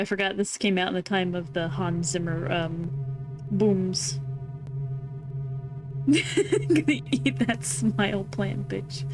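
A woman streamer chats casually over her game, cracking jokes, swearing freely and breaking into frequent laughter. Her pace is slow and relaxed. Game music plays clearly in the background. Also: medium pitch. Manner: laughing, swearing, joking asides. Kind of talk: casual let's-play commentary.

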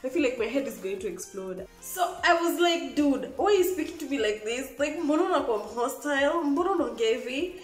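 A young Kenyan woman with a Kenyan accent telling an exasperated, animated storytime vlog, switching between languages. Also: high voice, fairly quick, hardly any pauses, reverberant, soft background music. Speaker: vlogger.

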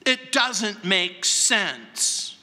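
High, bright-voiced pastor in a reverberant hall. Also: male voice, very animated. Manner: deliberate, dramatic pauses and emphatic repetition. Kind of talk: verse-by-verse sermon. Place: large church sanctuary. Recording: long reverb from a large hall.

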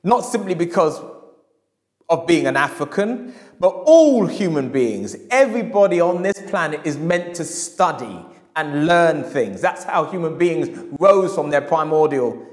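A man's voice: a little high, big pitch swings, measured pace. A middle-aged male historian giving a public lecture, with emphatic repetition and acted quotes when he tells a story. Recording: echoey hall.

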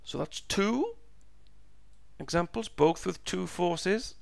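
A man teaching a step-by-step physics lesson, slow and patient, repeating each step, his voice croaky and going hoarse. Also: high-pitched, lively intonation, darkish tone, no room sound. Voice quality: gravelly, croaky.

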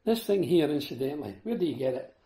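A man's voice: on the high side, big pitch swings, fast talker, warm tone. A Scottish man with a sore throat giving a casual, chatty product demo and talking to viewers as folks. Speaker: vlogger.

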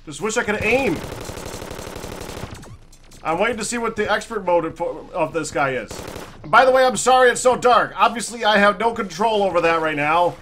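A man's voice: high-pitched, animated, moderate pace, fairly bright tone, soft background music. A man giving live commentary on his own gameplay, talking frantically, stammering and turning sarcastic when things go wrong. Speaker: gaming channel host.

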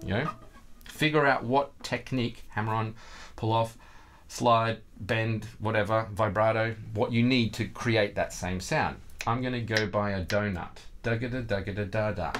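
A man's voice: lowish voice, steady tone, measured pace, fairly bright tone. A man, teaching guitar in a casual video lesson, chatty and self-mocking, sometimes singing rhythms with nonsense syllables.

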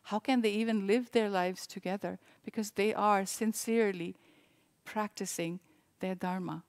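Woman, mid-pitched, soft reflective sermon delivery, warm and unhurried. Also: fairly even intonation, clear, resonant tone. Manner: gentle, reflective, with frequent restarts. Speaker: service leader.

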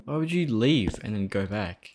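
A man's voice: on the low side, lively intonation, moderate pace, a little mellow, a little hiss or hum. A man doing let's play commentary on a horror game, jumpy and nervous, talking back to the characters with nervous laughs. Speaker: game streamer.

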